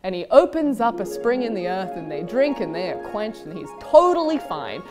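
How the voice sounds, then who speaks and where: A woman hosting a podcast, retelling old stories in an irreverent, profane, animated way. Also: medium pitch, moderate pace, over music. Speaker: podcast host.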